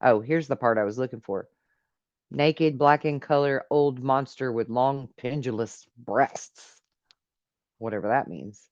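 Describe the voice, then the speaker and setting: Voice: mid-range voice, unhurried. Host reacting to a video with casual commentary and wisecracks as they read along. The sound is a little dull and lo-fi. The recording is dry, with no room echo. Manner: joking asides, reads text aloud with quips.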